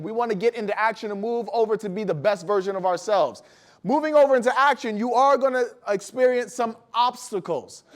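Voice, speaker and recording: A man giving an energetic motivational talk to school staff in a large room, telling stories and asking the audience questions. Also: high-pitched. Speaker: motivational speaker.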